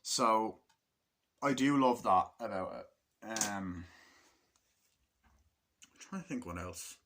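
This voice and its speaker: A man with a fairly low voice talks through a film review off the cuff. He rambles, leans on fillers and swears freely, now and then acting out bits of the movie's dialogue. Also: animated, slow, fairly bright tone, a little hiss or hum. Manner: rambling, filler-heavy, swears often, acts out film lines. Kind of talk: casual spoken film review.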